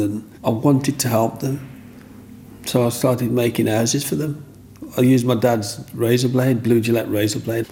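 A man, telling rambling, animated stories from his childhood in an interview and acting out other people's voices. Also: on the low side, vocal fry, slight background noise. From Black Country, England. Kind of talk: storytelling interview.

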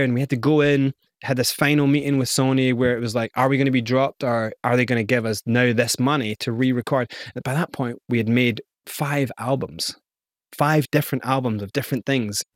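A man's voice: medium pitch, fairly even intonation, a little fast, dry recording, clean studio sound. A middle-aged Scottish man telling his story as an interview guest, acting out the voices of other people as he goes.

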